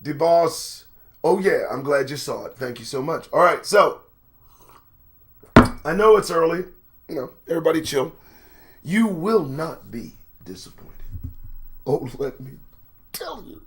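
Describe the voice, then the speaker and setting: A man's voice: fairly high pitch, animated, a little slow, pauses often. A middle-aged man hosting a live-stream commentary show, rambling and profane, greeting chat viewers by name. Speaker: host.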